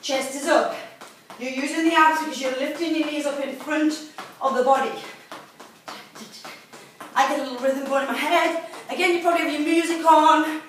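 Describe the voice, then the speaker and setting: A woman's voice: sits high, fairly even intonation, moderate pace. Breathless woman coaching a workout. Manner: encouraging, breathless cueing while exercising. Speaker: fitness instructor. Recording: very echoey room, distant mic, faint noise.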